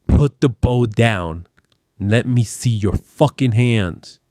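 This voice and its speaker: A man's voice: low-pitched, measured pace, a little mellow, no echo, clean studio sound. A man voicing a stern middle-aged police captain who barks orders. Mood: barking. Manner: barking, commanding.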